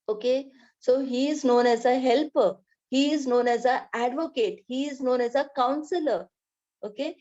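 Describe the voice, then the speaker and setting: A woman's voice: sits high, mellow, lo-fi sound. Earnest woman preaching from India. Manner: earnest, repeats phrases, quotes scripture. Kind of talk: sermon.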